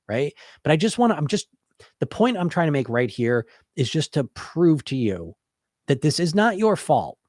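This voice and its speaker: Animated man coaching in a dry podcast. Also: a little high, normal speed, no echo. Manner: conversational, animated, repeats words and restarts. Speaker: weight-loss coach and podcast host. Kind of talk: casual monologue.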